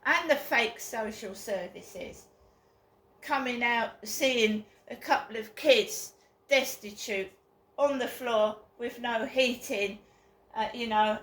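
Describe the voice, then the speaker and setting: A woman's voice: fairly high pitch, fairly bright tone, roomy sound. A woman venting bitterly and emotionally in a personal vlog monologue. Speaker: vlogger.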